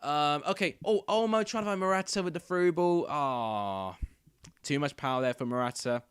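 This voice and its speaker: A young man hosting a football watchalong, chatting casually and calling the match live, getting loud and excited when chances come close. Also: a little high, normal speed, smooth, no room sound. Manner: chatty, rambling, bursts into excited shouts at near misses.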